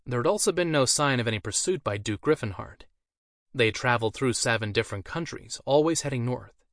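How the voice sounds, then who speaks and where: A man reading a fantasy story aloud with an even, storytelling delivery. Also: mid-range voice, brisk, dry recording, studio quality. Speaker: narrator. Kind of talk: audiobook narration.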